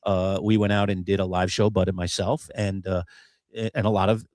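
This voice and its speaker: A man's voice: low voice, little pitch movement, a little fast, darkish tone, dry recording, clean studio sound. A man co-hosting a live podcast, telling a long story with many fillers. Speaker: co-host.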